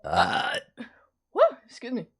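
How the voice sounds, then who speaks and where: Chatty woman artist streaming. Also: slow. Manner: chatty and animated, often laughing. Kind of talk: casual chat while drawing on stream.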